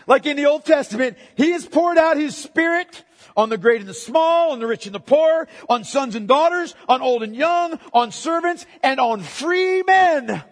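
Man, preacher, sermon, very high voice, emphatic, repeats words, long hall echo. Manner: emphatic, repeats key words, swings between loud proclamation and quiet asides.

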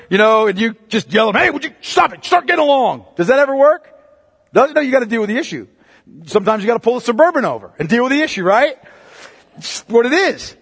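A man's voice: extremely high pitch, lively intonation, fast talker. A male pastor preaching a sermon emphatically, often asking the congregation rhetorical questions. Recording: long reverb of a large hall.

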